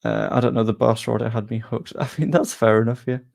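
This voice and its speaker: A man hosting a football channel, chatting casually as he answers viewer questions with quick asides. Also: medium pitch, fairly even intonation, creaky, a little mellow. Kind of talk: casual live-stream Q&A.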